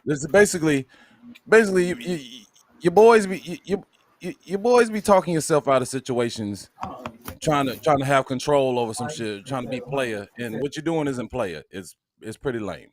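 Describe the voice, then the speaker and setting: A man's voice: medium pitch, expressive, moderate pace. A man hosting a casual podcast, talking animatedly and repeating words as he builds his point. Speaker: podcast host.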